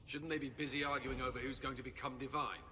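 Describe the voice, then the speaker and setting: Guy voicing a firm commander who argues back, sharp tense voice, echoey game audio. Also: medium pitch, level tone, fast, lightly acted. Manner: firm, argumentative. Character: forceful male commander, ex-soldier.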